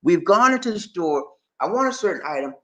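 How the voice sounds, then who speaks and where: A man chats on a casual live stream, his fairly high voice swinging up and down as he acts out little shop conversations. He repeats phrases for emphasis. The room throws back a noticeable echo. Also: a little fast. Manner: animated, acts out shop dialogues. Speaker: vlogger living abroad. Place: indoors, in the Philippines.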